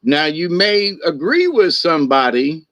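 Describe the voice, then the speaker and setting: A man's voice: a little high, sing-song, measured pace, a bit bright, no echo. A middle-aged man, hosting a casual spiritual talk in a rambling, folksy way that repeats itself. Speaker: spiritual discussion host.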